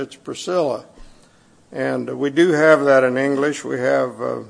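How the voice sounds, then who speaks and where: Gravelly-voiced man preaching a sermon. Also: mid-range voice. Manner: conversational, halting with fillers and restarts. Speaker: pastor. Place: church sanctuary.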